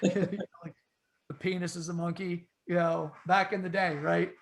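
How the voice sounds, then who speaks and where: A middle-aged man telling a story in a casual podcast chat, his voice jumping up and getting loud whenever he quotes himself. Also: high-pitched, moderate pace, vocal fry. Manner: animated storyteller, voice rises sharply when quoting himself. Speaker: podcast co-host.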